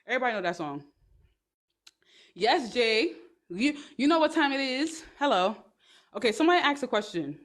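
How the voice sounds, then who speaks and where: A woman hosts a live stream from her phone, chatting straight to her viewers. Her voice sits a little on the high side, and her talk is sassy and full of slang. She rambles from one point to the next. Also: big pitch swings, moderate pace, long pauses. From Brooklyn, New York. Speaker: livestream host.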